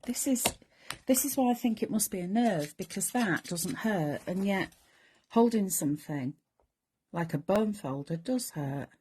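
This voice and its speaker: A woman's voice: mid-range voice, expressive, a little slow, warm tone, husky. A middle-aged woman chattily talking through a papercraft demonstration step by step and chatting with viewers. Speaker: craft demonstrator. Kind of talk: chatty live crafting demonstration.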